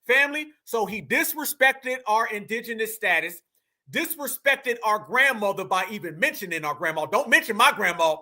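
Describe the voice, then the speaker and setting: Fiery high-voiced man ranting. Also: expressive, moderate pace, bright, forceful tone. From United States. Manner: fiery, profane, slangy, emphatic repetition. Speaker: commentary channel host. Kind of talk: heated commentary monologue.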